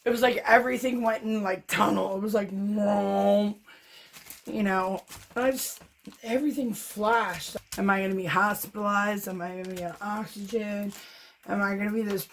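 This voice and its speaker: A woman's voice: medium pitch, fairly even intonation, a little fast, fairly bright tone, a little hiss or hum. A middle-aged woman telling a personal story to her viewers in a casual, chatty way, laughing often as she talks. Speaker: vlogger, fluid art painter.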